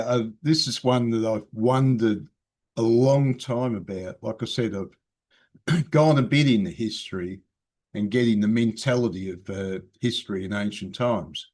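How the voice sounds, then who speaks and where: A man joining an online discussion, talking casually and haltingly with many fillers and some throat clearing. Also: fairly low pitch, a little mellow. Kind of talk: casual chat.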